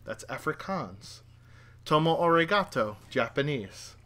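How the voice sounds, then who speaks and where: A man's voice: on the high side, sing-song, measured pace, fairly bright tone. A young man hosting a casual Q&A chat with his wife, joking and teasing. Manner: joking, self-mocking, teasing. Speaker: channel host.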